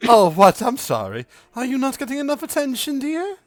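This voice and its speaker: A man's voice: sing-song, unhurried, no echo. A man voicing a flirtatious, haughty aristocratic mother in a tabletop game, with a theatrical, teasing delivery. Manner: theatrical, teasing, swoops up high.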